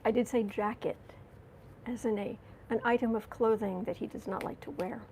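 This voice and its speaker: A woman's voice: on the high side, fairly even intonation, normal speed, a little mellow, slight background noise. A woman giving a casual tarot reading, chatty and giggly, talking to viewers and to herself. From United States. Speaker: tarot reader.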